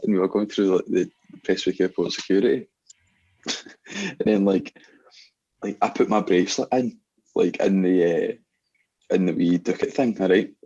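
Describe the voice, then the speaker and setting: Man, young, Ayrshire Scottish accent, deep voice, dull lo-fi sound, animated laughing anecdotes. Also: husky. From Scotland. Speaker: podcast guest, DJ. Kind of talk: casual storytelling chat.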